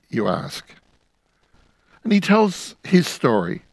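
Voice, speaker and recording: A man preaching a sermon, retelling a scripture story in the second person with vivid, dramatic pauses. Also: medium pitch, big pitch swings, dry recording.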